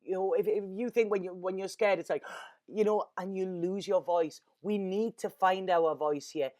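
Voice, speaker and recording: A woman's voice: on the low side, fairly even intonation, moderate pace, mellow. A woman, a tarot reader talking in an earnest, rambling, emotional way and often repeating her words. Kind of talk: casual spiritual monologue.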